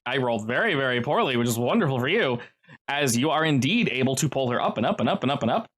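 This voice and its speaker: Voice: mid-range voice, quick pace. A game master narrating a tabletop game in a playful, joking way. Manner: playful, animated narration with jokey asides.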